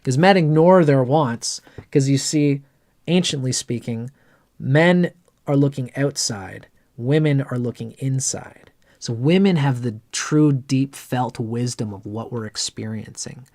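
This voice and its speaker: A man's voice: medium pitch, a little slow, darkish tone. A man giving an astrology chart reading on a livestream, talking in a blunt, rambling way and swearing casually.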